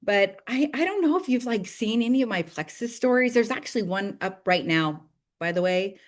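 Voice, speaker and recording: A woman in her thirties leading a direct-sales team call, chatty and enthusiastic, full of "like"s and "you guys" and quick laughs. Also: mid-range voice. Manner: bursts of laughter and excited acted-out quotes. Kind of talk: casual motivational team call.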